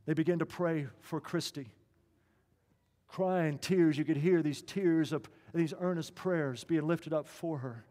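Earnest pastor preaching in a reverberant hall. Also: male voice, on the high side, mellow. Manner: earnest, slowing down for emphasis. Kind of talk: sermon storytelling.

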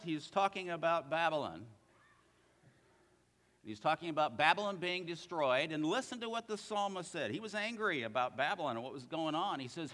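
A man's voice: fairly high pitch, a bit bright, big-room sound. A man preaching a sermon in a church, earnest, reading scripture aloud with feeling.

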